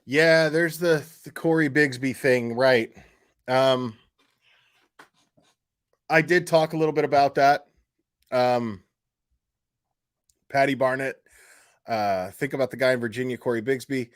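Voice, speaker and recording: A man's voice: mid-range voice, a little slow, long pauses, smooth. A man hosting a casual commentary stream, talking bluntly with lots of fillers, restarts and swearing, sounding exasperated. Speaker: YouTube commentary host.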